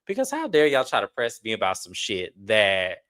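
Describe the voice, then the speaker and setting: Brief: home recap host, blunt and fed-up, swears freely, chats straight to the audience, mid-pitched voice. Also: huge pitch swings, normal speed, a bit bright. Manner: blunt, exasperated, profane, talks to viewers directly. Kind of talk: casual commentary recap.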